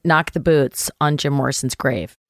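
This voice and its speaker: A middle-aged actress telling a story as an interview guest, animated, swearing and acting out quotes. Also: female voice, moderate pace, no echo, studio quality. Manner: animated, acts out quotes with big pitch jumps, swears. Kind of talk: lively anecdote telling.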